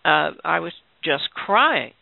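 A woman hosting an interview podcast, her voice carrying a gravelly edge. She tells stories in an easy, conversational way, and the sound is dry and thin, like a phone line. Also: low-pitched, sing-song, takes it slowly, dry recording. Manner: warm storytelling, affirming with frequent mm-hmms. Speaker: podcast host. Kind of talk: casual interview chat.

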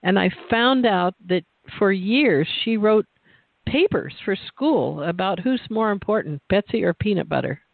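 Measured interviewer on a phone line. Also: medium pitch, lively intonation, creaky, no echo. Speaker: interviewer, podcast host. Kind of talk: conversational interview. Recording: tinny phone line, dry.

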